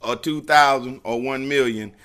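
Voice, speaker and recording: A man's voice: mid-range voice, normal speed, fairly bright tone. Brash man hosting a podcast. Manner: brash, fired-up, teasing. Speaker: podcast host. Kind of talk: casual podcast banter.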